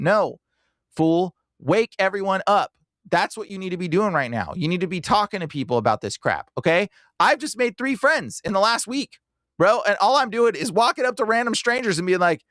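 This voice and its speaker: A man's voice: high-pitched, sing-song, fairly quick, fairly bright tone, no room sound, clean studio sound. A man co-hosting a casual podcast, talking emphatically and hammering home rhetorical questions.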